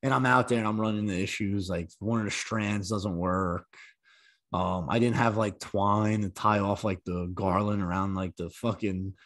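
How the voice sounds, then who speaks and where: A low-voiced man in his thirties co-hosts a casual podcast chat. He tells stories with plenty of swearing and lively, animated delivery. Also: moderate pace, no echo. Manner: profane, animated storytelling. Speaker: podcast co-host.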